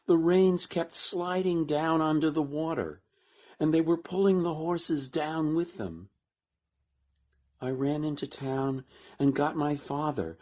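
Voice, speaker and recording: A woman performs a recited monologue, drifting slowly through her lines. Her pitch rises and falls freely, giving the telling a lively, musing shape. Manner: slow, reflective storytelling, lively rising and falling pitch.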